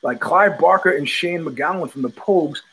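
A man hosting his own show, talking in a loose, halting monologue, often repeating words and chuckling as he goes. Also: fairly high pitch, fairly bright tone, a little hiss or hum, low-quality recording. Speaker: podcast host. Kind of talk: rambling casual monologue.

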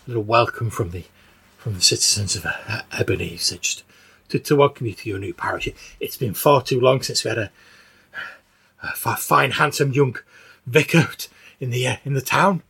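A man's voice: medium pitch, fairly quick, creaky, pushed and bright, slightly rough, heavily acted. A man voicing a frail, fussy old female churchgoer who stammers and repeats words, out of breath. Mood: eager.

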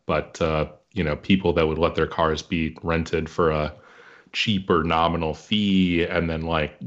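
A man co-hosting a podcast, explaining things in a measured, casual way. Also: low voice, fairly bright tone, lo-fi sound. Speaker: podcast co-host. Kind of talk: casual chat.

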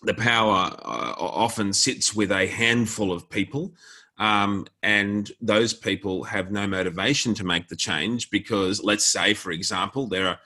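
An Australian man, a law firm director, explaining his views in a measured, deliberate way during a podcast interview. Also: lowish voice, fairly even intonation, bright, forceful tone.

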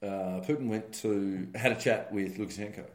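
A man's voice: on the low side, steady tone, normal speed, slight background noise. A man casually running through the week's news headlines, wry and sarcastic, with many ums and uhs. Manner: wry, sarcastic, filler-heavy rambling. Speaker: news commentary host. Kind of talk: casual spoken news roundup.

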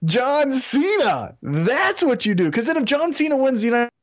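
A man's voice: extremely high pitch, very animated, normal speed, muffled recording. A man co-hosting a wrestling podcast, ranting animatedly with plenty of swearing in casual chat. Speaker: podcast co-host.

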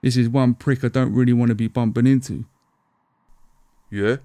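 A middle-aged man narrates a scripted story, wry and deadpan. His voice is mellow and warm, and it is recorded close and completely dry. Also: mid-range voice, fast, dry recording. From England. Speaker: storyteller and podcast host.

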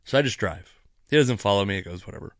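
A man hosting a podcast, telling a rambling story in a casual, animated way, cursing freely, with many asides, while sipping wine. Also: fairly low pitch, fast, dry recording, studio quality. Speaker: podcast host.

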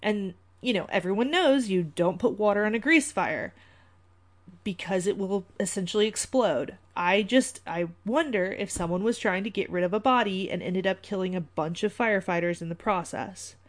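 A woman's voice: mid-range voice, animated, normal speed. Chatty woman rambling through a podcast. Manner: chatty, rambling, many fillers, wry asides. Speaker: podcast host. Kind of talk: casual conspiracy podcast talk.

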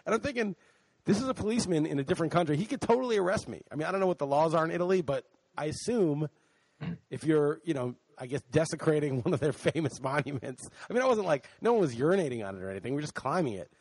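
A man's voice: fairly high pitch, quick pace, no echo. Man telling a story on a podcast. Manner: animated storyteller, swears casually. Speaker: podcast co-host. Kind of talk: casual chat.

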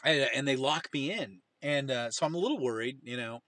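A man's voice: mid-range voice, a little fast, sharp tone. A man hosting a podcast, telling a long anecdote in a casual, rambling way full of fillers. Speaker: podcast host. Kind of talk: casual chat.

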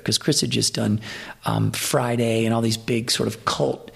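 A man with a deeply gravelly, rough-edged voice and a husky, breathy grain tells stories from his Hollywood career. He swears freely and rambles through anecdotes, stopping and restarting his sentences. His pitch sits in the ordinary middle range for a man. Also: a little slow. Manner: profane, rambling, animated anecdotes with many restarts. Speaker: guest, Hollywood fight coordinator and trainer. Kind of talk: casual storytelling in a podcast interview.

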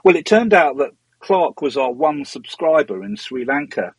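A middle-aged man telling stories in a casual, rambling way, drifting off on tangents and filling pauses with ums and restarts. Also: fairly high pitch, sing-song, slightly rough, no room sound, poor audio. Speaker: interview guest, former magazine editor. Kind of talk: casual anecdotal storytelling.

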